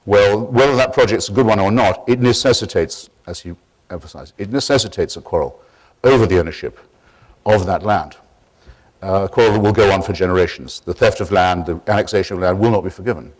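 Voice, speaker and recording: Male lecturer, lowish voice, dry wit, digressive delivery. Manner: wry, digressive, measured. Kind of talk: public lecture.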